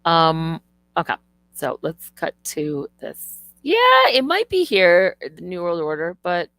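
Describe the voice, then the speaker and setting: A woman hosting a live stream, talking in a casual, animated way, indignant and swearing freely. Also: fairly low pitch, slow, no room sound.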